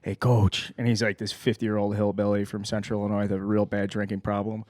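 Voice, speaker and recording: A man hosting a casual sports podcast and telling animated, profane anecdotes. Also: on the low side, quick pace, no echo, studio quality. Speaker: podcast host.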